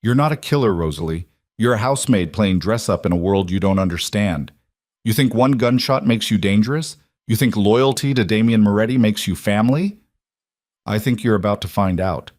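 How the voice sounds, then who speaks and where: A man's voice: on the low side, animated, normal speed, darkish tone, no room sound, clean studio sound, natural voice. A man doing a cultured, taunting female assassin. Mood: cold.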